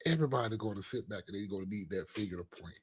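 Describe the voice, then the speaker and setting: Husky-voiced laid-back podcast co-host. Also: male voice, fairly low pitch, very fast. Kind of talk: casual podcast banter.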